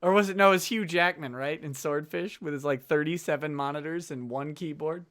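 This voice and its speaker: A man's voice: a little high, brisk, a bit bright. A man hosting a show, reading a book aloud with sarcastic asides and frequent laughter. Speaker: host. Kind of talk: mocking dramatic reading of a book.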